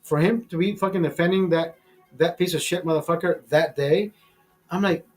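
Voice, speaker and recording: A man's voice: on the high side, fairly even intonation, normal speed, soft background music. A man hosting a show, telling a story in a casual, profane and emphatic way, often repeating himself. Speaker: show host.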